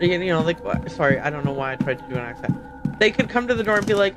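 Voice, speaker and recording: A woman's voice: low voice, lively intonation, quick pace, music in the background. A woman hosting a livestream, chatting casually and rambling as she plays a game, often stopping to correct herself. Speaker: livestream host playing a game. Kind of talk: casual gameplay commentary.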